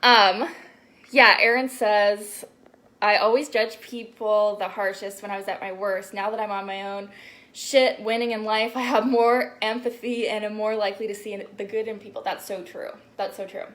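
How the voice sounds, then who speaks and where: A woman's voice: mid-range voice, steady tone, moderate pace, a bit bright. A young woman spiritual coach talking casually on a live stream, chatty and full of "like"s and swearing. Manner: chatty, swears often, many "like"s.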